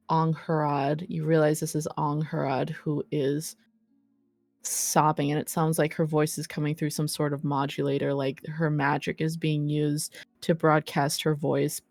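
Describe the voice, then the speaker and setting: A woman narrating as game master of a tabletop role-play, deliberate and unhurried with occasional fillers. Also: sits low, flat delivery, creaky, darkish tone, no room sound, soft background music.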